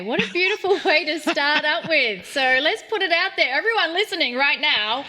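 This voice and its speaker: A woman's voice: high voice, expressive, normal speed, hardly any pauses, pushed and bright. A woman hosting an interview, affirming her guest and asking open questions. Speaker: interview host. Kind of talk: interview conversation.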